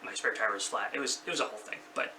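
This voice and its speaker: A man's voice: lowish voice, very fast, sharp tone. A man in his thirties casually telling a personal story as a vlogger in his bedroom, rambling and correcting himself as he goes. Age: 30s. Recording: slightly distant mic, faint background noise.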